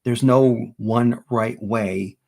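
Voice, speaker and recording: A man's voice: mid-range voice, fairly even intonation, very slow, vocal fry. Earnest man answering grief questions live. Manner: gentle, earnest, many fillers and restarts. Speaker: grief coach hosting a live Q&A. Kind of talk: live-stream Q&A, reading viewer questions.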